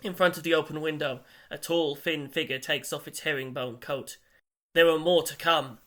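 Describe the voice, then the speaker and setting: A man narrating an audiobook in a steady storytelling voice. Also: fairly high pitch, normal speed. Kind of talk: scripted narration.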